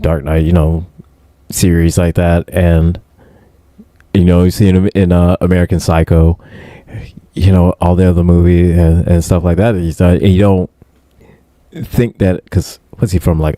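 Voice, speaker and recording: Low-voiced man, mellow tone, dry sound, rambling casual co-host. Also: no echo. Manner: rambling, lots of "you know", easy laughter. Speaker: podcast co-host. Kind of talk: casual chat.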